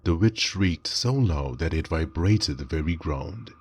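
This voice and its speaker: A man reading a scripted horror story in a measured, dramatic way. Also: rumbling low, expressive, a little mellow, slightly rough.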